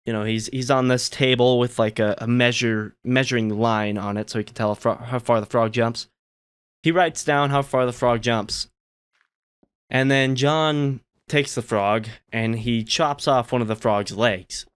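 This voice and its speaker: A man hosting a relaxed gameplay video, telling a long story in a meandering, laid-back way with lots of fillers. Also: medium pitch, a little slow, clean tone. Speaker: gaming channel host.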